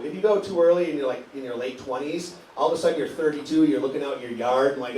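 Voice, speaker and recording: A man's voice: medium pitch, brisk, a little mellow, recorded from a distance, slight background noise. A man in his forties doing a stand-up set, ranting in an exasperated way with the crowd laughing. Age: 40s. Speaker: stand-up comedian. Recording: roomy club sound from off-mic.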